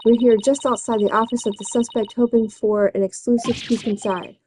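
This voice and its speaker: A woman's voice: a little high, fairly even intonation, a little fast, darkish tone, slight background noise, close to an everyday voice, poor audio. A woman playing a pushy TV reporter. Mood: eager. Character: eager sensationalist male TV reporter.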